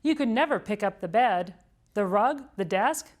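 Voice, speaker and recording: A woman voicing a cheerful, literal-minded housekeeper woman in a children's storybook read-aloud, bright and eager. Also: mid-range voice, lively intonation, moderate pace, lightly acted.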